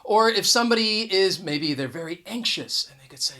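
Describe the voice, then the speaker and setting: This is an English teacher giving a relaxed video lesson straight to the camera. The delivery is chatty and unscripted, with frequent small restarts and extra weight on the key points. The pitch sits in a middle range, neither high nor low. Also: moderate pace, hardly any pauses. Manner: conversational, restarts words often, stresses key points. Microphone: camera mic.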